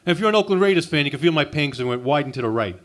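A man working an open mic stage with a crude, abrasive insult routine. His voice sits a little high for a man, and he talks sarcastically into a handheld mic. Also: expressive, very fast, noisy background. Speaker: stand-up comic. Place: comedy club open mic.

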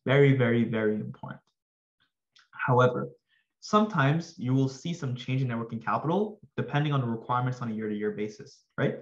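A man tutoring finance for an exam, talking casually and energetically to viewers with slangy asides, his voice slightly hoarse. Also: mid-range voice, fairly quick, roomy sound, muffled recording. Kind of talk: casual exam-prep lesson.

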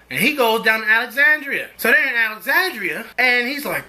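A man's voice: extremely high pitch, lively intonation, moderate pace, hardly any pauses, bright, forceful tone. A young man giving a casual, rambling spoken review of a TV episode in a slangy, conversational way.

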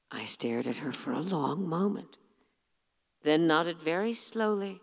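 A middle-aged woman, an author, reading from her memoir in a measured, expressive, theatrical way at a bookstore event. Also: on the low side, big-room sound.

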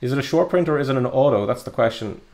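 A card breaker, young and male, tears into trading card packs while giving lively, chatty commentary loaded with ums and uhs. He talks fast and expressively, with a medium-pitched, slightly mellow voice.

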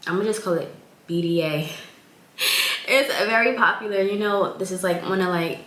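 A woman's voice: medium pitch, normal speed, a bit bright, roomy sound, slight background noise. A young woman in her twenties, chatting casually on a vlog in a rambling way with lots of fillers, sounding congested. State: congested, recovering from illness. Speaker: vlogger.

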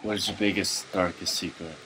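Drunk man yelling over a game. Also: deep voice, fairly even intonation, brisk, slight background noise, rough recording. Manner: profane, loud outbursts and laughing. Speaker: let's player. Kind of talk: drunk gaming commentary.

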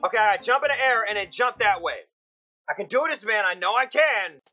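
A young man commentating his platform gameplay, ranting and yelling at the game as he fails levels. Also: high-pitched, lively intonation, a little fast, faint music behind. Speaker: streamer playing a platform game.

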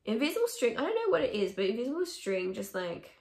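A woman's voice: on the high side, big pitch swings, fast, darkish tone. A young woman vlogging, talking casually and opinionatedly through a song ranking with sarcastic asides. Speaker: music vlogger. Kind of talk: casual ranking chat to camera. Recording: echoey room.

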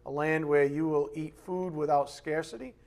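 A male pastor preaching a live sermon, reading scripture aloud and acting out voices in lively asides. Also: fairly high pitch, normal speed. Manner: animated preaching, reads scripture aloud, acts out God's voice in asides. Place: church sanctuary.

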